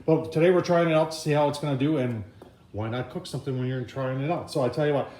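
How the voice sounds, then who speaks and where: Man, cooking vlog host, folksy, chatty, mid pitch. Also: fast talker, a little mellow. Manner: folksy, chatty, keeps calling viewers folks.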